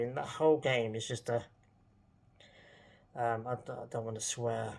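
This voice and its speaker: A man's voice: mid-range voice, vocal fry. A man, a football fan vlogger, ranting casually in an exasperated, sarcastic way, rambling with plenty of fillers.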